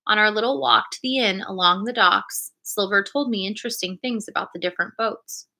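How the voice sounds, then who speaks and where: A woman reading a classic adventure storybook aloud in a clear, expressive storytelling manner. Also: mid-range voice, a little fast. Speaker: reader.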